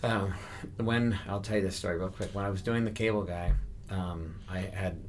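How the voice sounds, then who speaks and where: A man's voice: low-pitched, moderate pace, slight background noise. A man who is a guest actor in an interview, telling a casual, rambling anecdote with plenty of fillers. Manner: relaxed, rambling storytelling with fillers.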